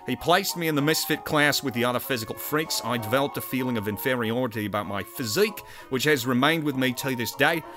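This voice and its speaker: A man's voice: medium pitch, fast, few pauses, lightly acted. A man reading a shy, scrawny schoolboy's memories in a put-on accent that drifts between styles, with music behind. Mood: rueful.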